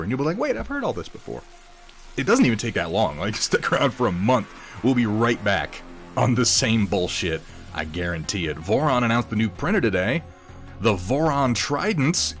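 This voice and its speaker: Chatty man with a lively voice. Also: mid-range voice. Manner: rambling, self-mocking, reads out chat names. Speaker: streamer. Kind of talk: casual live-stream chat. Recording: faint music behind. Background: faint music.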